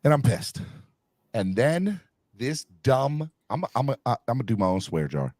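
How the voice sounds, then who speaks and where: A man hosting a sports podcast, ranting heatedly with animated bursts of shouting. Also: mid-range voice, unhurried, no echo, studio quality.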